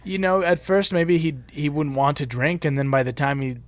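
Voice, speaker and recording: A man with a somewhat higher voice chatting casually on a podcast. He is playful and jokey, laughing along with his co-host. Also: moderate pace, no echo. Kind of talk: casual chat.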